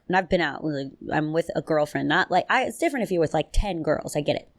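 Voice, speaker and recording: A woman with a low voice hosting her own podcast alone, talking in a loose, chatty way with slang. She jumps up in pitch to act out quotes and laughs often. The sound is dry and close, with no room in it. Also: normal speed, vocal fry, hardly any pauses, no room sound. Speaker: podcast host. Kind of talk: casual solo podcast chat.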